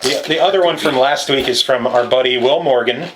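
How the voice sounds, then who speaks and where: A man co-hosting a podcast who reads listener emails in casual chat, with a dry, steady manner. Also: medium pitch, brisk, background noise.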